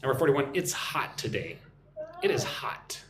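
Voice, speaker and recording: Lively American man teaching English. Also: medium pitch, roomy sound, a crowd in the background. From United States. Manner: repeats example phrases slowly and clearly for learners. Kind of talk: live-streamed English lesson. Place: at home.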